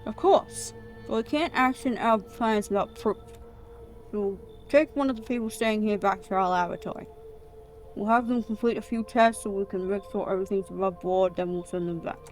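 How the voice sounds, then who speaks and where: A woman voicing a calm government scientist who talks in a measured, reassuring way. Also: mid-range voice, soft background music, lightly acted.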